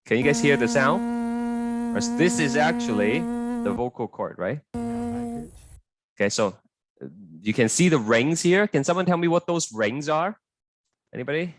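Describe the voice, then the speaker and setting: A man's voice: a little high, sing-song, moderate pace, long pauses, no room sound. A young man teaching an online biology tutorial in a chatty, hesitant way, full of fillers and "right?" checks with his students.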